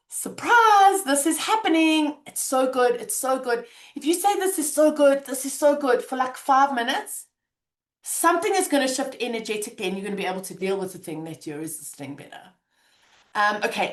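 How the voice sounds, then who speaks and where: Gentle, reflective woman in a roomy space. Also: on the high side. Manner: gentle, reflective, playful shifts into quoted self-talk. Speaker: podcast co-host. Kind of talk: casual conversational chat.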